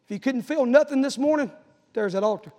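A pastor preaching a sermon, telling stories and building to urgent appeals. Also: male voice, very high-pitched, a little fast, darkish tone, big-room sound.

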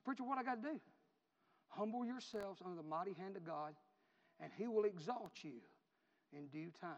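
A man preaching a sermon, repeating phrases in a rhythmic build that rises to shouts. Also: sits high, vocal fry. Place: church. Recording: reverberant hall, dull lo-fi.

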